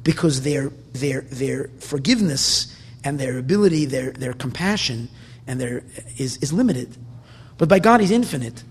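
A man's voice: mid-range voice, lively intonation, moderate pace, a little hiss or hum. Impassioned man preaching in a reverberant hall. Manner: impassioned, swings from soft to loud, repeats words. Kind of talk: sermon.

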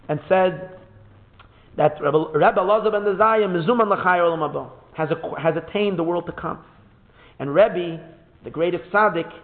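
Guy giving a torah talk, high voice, tinny phone sound, keeps repeating himself and dropping in hebrew. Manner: animated, repeats words while searching, mixes Hebrew phrases. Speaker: rabbi teaching a Torah class. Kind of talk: Hasidic Torah lecture.

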